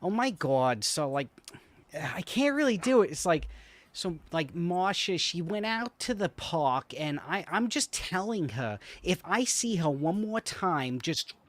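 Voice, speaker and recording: A man from Brooklyn with a faint New York accent, a podcast guest chatting in an animated, jokey way. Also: sits high, a little slow. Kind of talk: casual chat.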